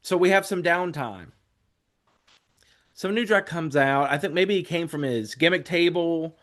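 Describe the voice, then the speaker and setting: A man in his forties with a slightly raised voice tells stories as a podcast guest. He rambles, swears freely and slips into quick impressions of the people he quotes. His delivery is loose and conversational. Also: on the high side, fairly bright tone. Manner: profane, rambling, acts out quotes. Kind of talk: casual storytelling.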